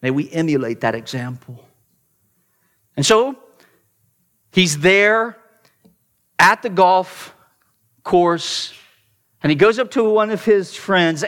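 Pastor telling a story in a sermon. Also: male voice, sits high. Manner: storytelling, dramatic shifts from loud to hushed; repeats words at starts of phrases.

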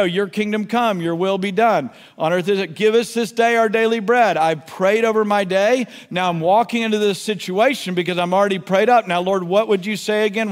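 Man preaching in a reverberant hall. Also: sits high. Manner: storytelling, shifts from loud emphasis to hushed prayer. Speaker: pastor. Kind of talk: sermon. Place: church sanctuary.

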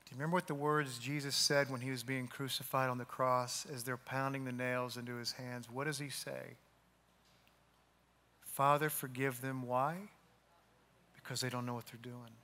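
A man preaching a sermon, telling a story and acting out the voices in it, sometimes dropping to a soft, hushed tone. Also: medium pitch, flat delivery, normal speed. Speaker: pastor. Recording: long hall reverb.

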